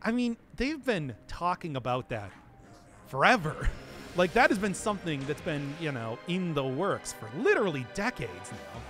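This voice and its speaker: A chatty male game streamer with a high, very lively voice that leaps around as he talks. He rambles, restarts his sentences and laughs often, with faint game music playing underneath. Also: moderate pace. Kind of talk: casual live-stream chat while playing.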